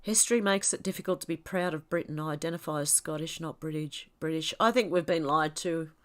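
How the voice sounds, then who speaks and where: A woman's voice: low voice, fast. A woman with an Australian accent hosting a casual livestream, reading out viewer comments and chatting in a rambling way, her nose stuffed up from a cold. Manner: chatty, rambling, laughs often.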